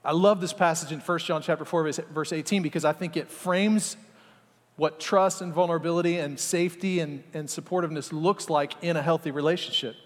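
Male pastor, high voice, animated sermon with acted-out scenes, long hall reverb. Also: fairly quick. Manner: animated, acts out little scenes, talks to the congregation.

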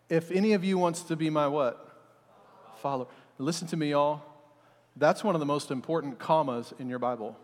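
A man preaching a sermon as pastor, telling the story in a lively, casual way and voicing the disciples in everyday speech. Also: high voice, long reverb tail.

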